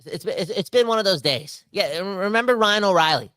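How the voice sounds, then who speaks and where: A young man with a bright, forceful, fairly high voice holds forth on a casual podcast. He rambles and restarts often, swinging between heated outbursts and quiet asides, recorded dry and close. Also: expressive, a little fast, no echo. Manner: rambling with frequent restarts and self-corrections. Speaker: podcast host. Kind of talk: casual ranting podcast talk.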